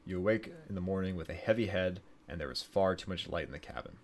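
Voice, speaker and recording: A man's voice: deep voice, fast talker. A man streaming a game, reading its story text aloud, stumbling over words and correcting himself with casual asides.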